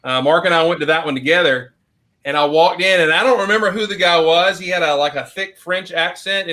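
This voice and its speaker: A man's voice: on the high side, brisk, bright, forceful tone. A man hosting a casual video chat who rambles through stories and laughs often. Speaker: host.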